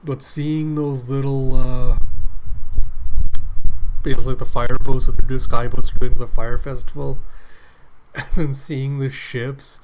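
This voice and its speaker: A man's voice: medium pitch, level tone, unhurried, long pauses, darkish tone, slight background noise, low-quality recording. Rambling male manga reviewer. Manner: rambling, filler-heavy. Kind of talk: casual chapter recap.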